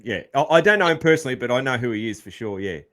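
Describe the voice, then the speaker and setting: A man hosting a podcast interview, relaxed and encouraging. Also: medium pitch, racing. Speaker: podcast host. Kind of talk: casual interview.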